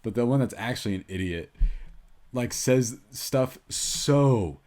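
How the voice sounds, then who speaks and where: A young man co-hosting a casual movie review podcast, chatty and quick with asides, laughing often. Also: medium pitch, lively intonation, a little mellow. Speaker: podcast co-host, film reviewer.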